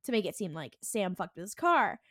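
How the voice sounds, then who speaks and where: A woman's voice: brisk, dry recording, clean studio sound. Chatty woman recapping, heavy on fillers. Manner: animated retelling with many fillers; acts out the characters' lines with sudden jumps in pitch. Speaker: podcast co-host. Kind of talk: casual episode recap.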